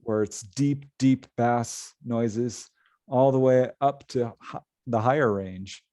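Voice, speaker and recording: Man, middle-aged, mid-pitched voice, animated storyteller, laughs often, dry close recording. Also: takes it slowly, dry recording. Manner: lively, laughs often while telling a tale. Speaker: guest, paranormal author.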